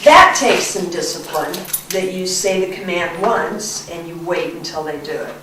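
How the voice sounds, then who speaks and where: A woman teaching dog training, giving firm commands to dogs and then soft, drawn-out praise. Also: fairly low pitch, expressive. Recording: echoey room, distant mic, loud noise.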